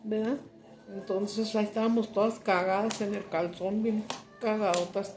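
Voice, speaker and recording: A woman's voice: medium pitch, steady tone, a little fast, background noise. Roomy-sounding woman venting. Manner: frustrated, cussing, mixing Spanish and English. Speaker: mukbang vlogger. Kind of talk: casual chat while eating. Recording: roomy echo.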